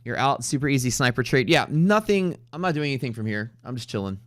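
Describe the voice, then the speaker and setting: A man hosting a live trading stream, chatting casually in a rambling way with profane jokes and quick asides to viewers. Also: mid-range voice, sing-song, dry recording, studio quality. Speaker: livestream trading host.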